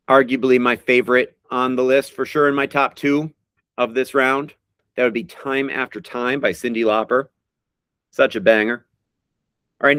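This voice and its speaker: A man hosting a trivia podcast, reading song lyrics slowly and deliberately and announcing each question with animated energy. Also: mid-range voice, no room sound, studio quality. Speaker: podcast host.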